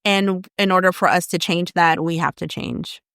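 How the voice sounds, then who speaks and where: A woman co-hosting a podcast in casual chat, leading the talk through topics with lively, animated delivery and quick murmurs of agreement. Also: lowish voice, smooth, no room sound, clean studio sound. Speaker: podcast co-host.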